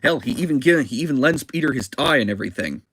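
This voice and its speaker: Animated, halting man reviewing comics. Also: medium pitch, breathy edge. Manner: halting, frequent restarts and self-corrections. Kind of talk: casual comic review commentary.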